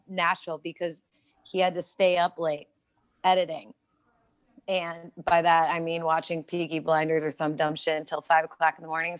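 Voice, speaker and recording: A young woman talks on a casual podcast, her voice sitting a little low. She rambles through stories, laughs easily and swears without hesitation. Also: fairly bright tone. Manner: profane, laughing, rambling storyteller. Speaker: podcast co-host.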